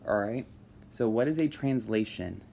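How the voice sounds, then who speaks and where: A man teaching a math lesson over a screen recording, walking students through each step in a relaxed way with frequent checks of "all right?". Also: on the low side, moderate pace, creaky, a little hiss or hum.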